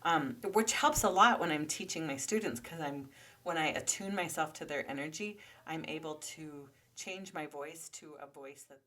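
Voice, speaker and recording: Low-pitched lady teaching, pauses and checks herself as she goes, sounds a bit far from the mic. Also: bright, forceful tone. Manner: thoughtful, pauses to check details. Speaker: podcast host and teacher. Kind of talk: explanatory talk.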